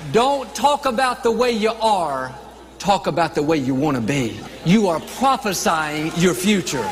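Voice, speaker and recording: A man's voice: high-pitched, fairly bright tone, long reverb tail. A man preaching a motivational sermon, emphatic, stacking up lists of declarations and slipping in playful asides. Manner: playful asides with light chuckles.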